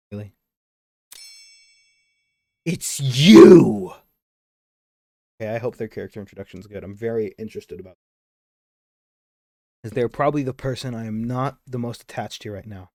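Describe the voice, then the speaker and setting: A man's voice: fairly low pitch, brisk, dry recording, clean studio sound. A man streaming a game live, reading its dialogue aloud and chatting between lines, easily sidetracked.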